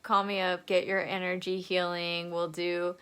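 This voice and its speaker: A woman's voice: lowish voice, flat delivery, unhurried, fairly bright tone, smooth. A woman energy healer chatting casually to viewers on a live video, laughing often and acting out little quotes.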